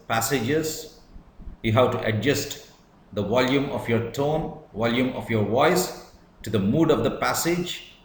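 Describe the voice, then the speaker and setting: A man giving a measured lecture on public speaking, stressing words to demonstrate emphasis. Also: mid-range voice, roomy sound, slight background noise, low-quality recording. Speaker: English teacher. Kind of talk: slow deliberate lecture.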